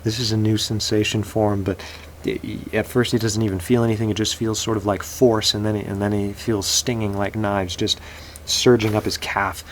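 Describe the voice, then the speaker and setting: A man telling an improvised story in a halting way, often repeating words. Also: lowish voice, flat delivery, slight background noise, poor audio.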